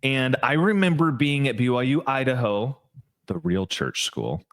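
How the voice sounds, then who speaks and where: A man's voice: mid-range voice, normal speed. A man co-hosting a podcast, telling stories in casual chat with lots of "like" and restarts. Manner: animated storyteller, lots of "like" and restarts. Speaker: podcast co-host.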